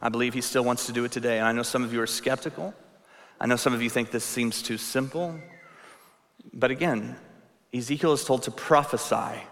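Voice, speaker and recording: Bright-voiced male pastor in a reverberant hall. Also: medium pitch, steady tone, fairly quick, gravelly. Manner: earnest and emphatic, repeating key phrases. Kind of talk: sermon. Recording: long reverb of a large hall.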